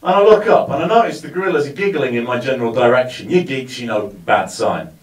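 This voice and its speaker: A man's voice: mid-range voice, quick pace. A man performing a stand-up comedy set, telling a story with wry build-ups to punchlines in a live venue. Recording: roomy sound, mic far from speaker.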